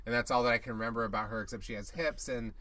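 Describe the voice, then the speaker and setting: Bright-voiced chatty male co-host. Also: mid-range voice, steady tone, no echo. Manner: chatty, quick asides, playful mimicry of others. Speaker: podcast co-host. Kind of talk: casual chat recapping a reality show.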